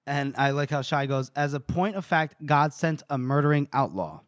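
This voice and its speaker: A man on a book podcast walks his co-hosts through the chapters, slipping into the characters' lines as he goes. His voice sits a little high for a man and is recorded close and dry, with no room around it. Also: moderate pace, dry recording. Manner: animated retelling, reading out and voicing quotes. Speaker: podcast co-host. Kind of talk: casual book-recap chat.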